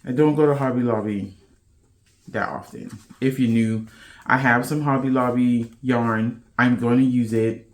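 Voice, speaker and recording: A woman's voice: rumbling low, steady tone, measured pace. A woman hosting a podcast in casual chat to camera, playful and loose, with slangy talk. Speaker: podcast host.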